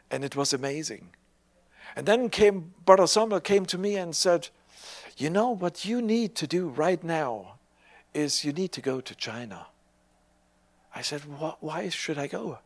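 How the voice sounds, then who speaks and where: A man's voice: a little high, no room sound. An older man preaching a sermon as a personal story. He talks conversationally, with hesitant restarts, and acts out the dialogue he retells.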